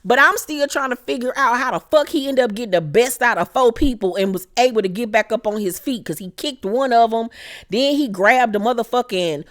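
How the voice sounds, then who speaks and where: A woman hosts a casual TV recap vlog, telling the story with a fairly high voice. She curses freely and uses lots of slang, and she animatedly acts out what each character says. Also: fairly quick. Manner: heavy swearing, slangy. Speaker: TV show recap host. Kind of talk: profane casual episode recap.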